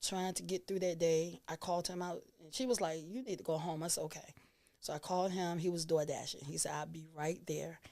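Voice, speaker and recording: A woman's voice: fairly low pitch, fairly even intonation, brisk, gravelly, warm tone. A woman, a guest on an interview show, telling stories animatedly and laughing often. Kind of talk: casual interview chat.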